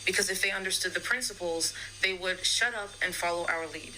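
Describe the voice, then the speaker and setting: A woman's voice: lowish voice, a little fast, noisy background. A woman explaining a set of principles in a firm, matter-of-fact monologue.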